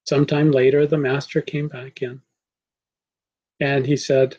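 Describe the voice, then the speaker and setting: A man giving a spiritual talk, calm, measured and devotional. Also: on the high side, breathy edge, muffled recording. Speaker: spiritual teacher. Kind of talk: sermon.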